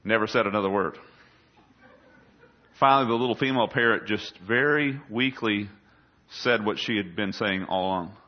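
Preacher guy, gets loud and high on the verses then drops way down, kinda dull lo-fi recording. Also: moderate pace, pauses often. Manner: swells loud and high on scripture, drops low on asides. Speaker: pastor. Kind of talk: sermon.

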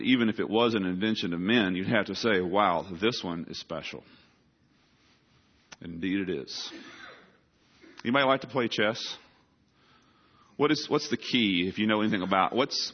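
A man, preaching a conversational sermon that asks his congregation questions and swells to urgent emphasis. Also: lowish voice. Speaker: pastor. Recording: dull lo-fi sound.

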